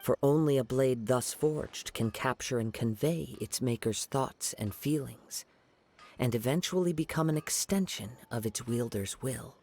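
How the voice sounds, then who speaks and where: An actor playing a calm, modest young male wandering samurai in a game, speaking in a composed, polite way. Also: mid-range voice, measured pace, a little hiss or hum, natural voice. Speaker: game character.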